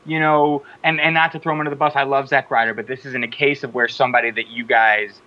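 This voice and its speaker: A man hosting a podcast, chatting in an animated, rambling and opinionated way. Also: mid-range voice, fast, lo-fi sound. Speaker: podcast host. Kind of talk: casual opinionated chat.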